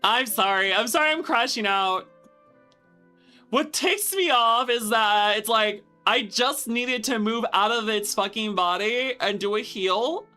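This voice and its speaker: A young adult woman streaming a video game, talking to her chat with loud exasperated outbursts and swearing. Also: on the high side, unhurried, faint music behind. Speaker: VTuber streamer. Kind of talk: gaming livestream commentary.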